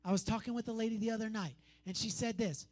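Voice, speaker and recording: A man's voice: high voice, steady tone, fast, darkish tone. A man preaching a sermon, pressing his points through repetition and conversational asides.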